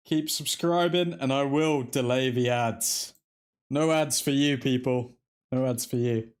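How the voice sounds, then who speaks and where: A man's voice: mid-range voice, a little slow, clear, resonant tone. A man hosting a live football watchalong, reacting to the play as it happens and chatting with his viewers. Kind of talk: live match commentary and fan chat.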